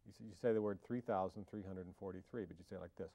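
A man's voice: sits low, fairly even intonation, racing, dark tone, dry recording. A man being interviewed about his acting, talking casually and wryly, joking and trailing off in fillers and restarts. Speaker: film actor interviewee.

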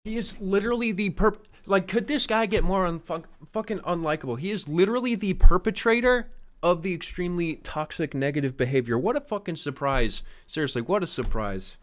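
A young man streaming casual music reaction commentary, profane and incredulous, often breaking into loud outbursts. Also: high voice, lively intonation, a little fast. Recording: song playing faintly behind.

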